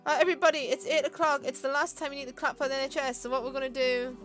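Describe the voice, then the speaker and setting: A woman voicing her pet dog, who makes a cheery, announcer-like call in a high, loud voice. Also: flat delivery, very fast, faint music behind. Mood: announcing.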